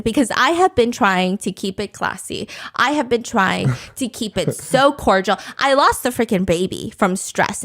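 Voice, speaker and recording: A woman's voice: fairly high pitch, a bit bright. A woman voicing a furious young female influencer who hits back in an angry, sarcastic, swearing way.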